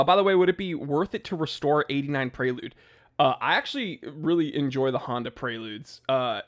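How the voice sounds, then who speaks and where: A young man hosting a casual livestream from his home office, joking and ranting as he reads names from the chat. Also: mid-range voice. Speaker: watch channel host.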